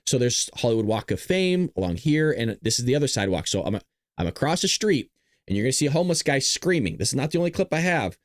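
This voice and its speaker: Quick and sing-song, this man's medium-pitched voice comes through a dry, studio-quality recording. As a podcast host, he rambles casually and directly to his viewers as his own video clips play.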